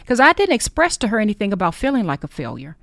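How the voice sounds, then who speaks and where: A woman hosting a podcast, talking unscripted in an earnest, heartfelt way with many pauses. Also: mid-range voice, wildly swooping pitch, no echo, clean studio sound. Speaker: podcast host. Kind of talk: unscripted personal talk.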